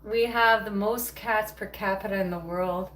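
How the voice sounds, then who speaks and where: This livestream host bakes and tidies at home while rambling casually to her viewers. She speaks in a steady, mid-range voice at a moderate pace, with a slightly bright tone. The kitchen recording is roomy, distant and noisy.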